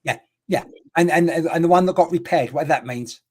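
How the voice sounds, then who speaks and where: A man hosts a live online mediumship evening from home, chatting and exclaiming as he relays messages from spirits. His voice sits a little high for a man and swings up and down with his excitement, and he breaks off now and then to greet viewers. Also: a little fast, breathy edge.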